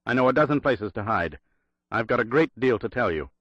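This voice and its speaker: A man's voice: medium pitch, lively intonation, a little fast, fairly bright tone, no echo, muffled recording. A man voicing a tense Russian agent on the run, speaking with urgent intensity in an audiobook thriller. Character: tense male Russian agent hiding in hills.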